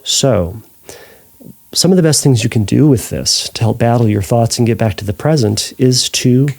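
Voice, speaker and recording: Man, podcast therapist, gravelly, warm low tone, reflective, self-correcting. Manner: thoughtful, with frequent restarts and self-corrections. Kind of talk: answering a listener's question.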